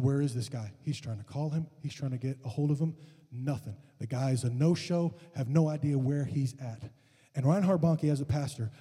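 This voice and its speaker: A man's voice: fairly high pitch, breathy edge, in a large hall. A man preaching a sermon and leading prayer for healing in a church, impassioned and building to fervent peaks. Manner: impassioned, rising to shouted fervor. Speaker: pastor. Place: church sanctuary.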